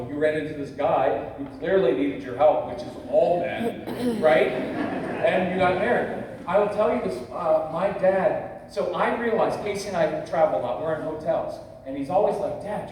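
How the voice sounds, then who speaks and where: In a large convention hall, a man in his fifties leads a live parenting workshop, telling stories, acting out quotes and joking with the crowd. His voice is a little high with a darkish tone, and the echoey room makes the mic sound far off, with slight background noise.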